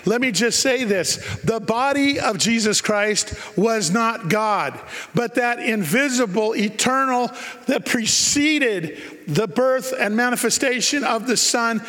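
A man's voice: very high-pitched, lively intonation, takes it slowly, fairly bright tone, in a large hall. A man preaching a sermon, emphatic and repeating key phrases for effect.

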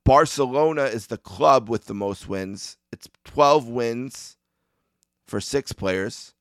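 A man's voice: mid-range voice, takes it slowly, fairly bright tone, dry recording, clean studio sound. A man with a Western New York accent hosting a sports podcast, talking alone in a rambling, self-deprecating way with lots of ums and uhs. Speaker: podcast host. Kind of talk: casual solo monologue.

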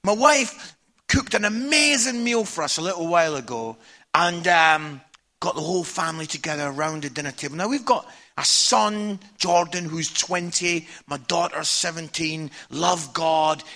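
A preacher in his forties speaks from a church stage with a high, bright, forceful voice. He tells stories candidly and with humour, animated throughout. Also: moderate pace. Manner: candid, humorous, animated storytelling. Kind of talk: sermon with personal storytelling.

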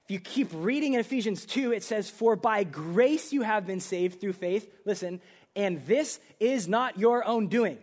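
A young man preaching a sermon in a casual, animated way, with everyday slang. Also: high-pitched, a little slow. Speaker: pastor.

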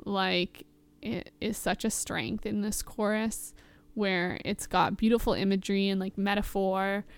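A woman's voice: medium pitch, steady tone, measured pace, smooth. A woman hosting a podcast, chatting casually about song lyrics and filling her talk with "like". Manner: chatty, many "like" fillers. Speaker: podcast host.

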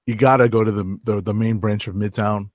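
A man's voice: on the low side, steady tone, dry recording, clean studio sound. A man co-hosting a comic book podcast, chatting casually and reading an ad. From New York. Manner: chatty, reads ad copy slowly and deliberately. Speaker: podcast co-host. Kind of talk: casual chat.

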